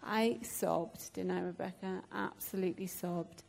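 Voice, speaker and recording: A woman giving an emotional, halting testimony in a church group, with many pauses and fillers. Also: lowish voice, steady tone, gravelly, a little mellow. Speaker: church member sharing a testimony.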